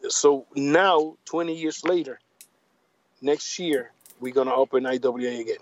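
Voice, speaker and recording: A man from Puerto Rico, a native Spanish speaker with a Puerto Rican accent, talking in a casual interview in halting, repetitive English. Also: medium pitch, steady tone, dull audio. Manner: halting, repeats words, drops grammar. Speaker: guest.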